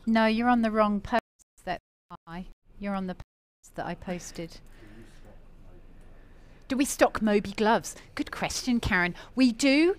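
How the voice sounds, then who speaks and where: Chatty middle-aged woman, smooth voice. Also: medium pitch, a little slow. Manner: chatty, enthusiastic, warm-hearted rambling. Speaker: cooking show host. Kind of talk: live cooking demo chat.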